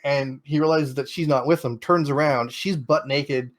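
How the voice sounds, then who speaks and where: A man's voice: mid-range voice, fairly even intonation, moderate pace. Rambling young man recapping a show. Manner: rambling plot recap with many fillers and quoted asides. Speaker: podcast co-host. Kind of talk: casual chat recapping an anime episode.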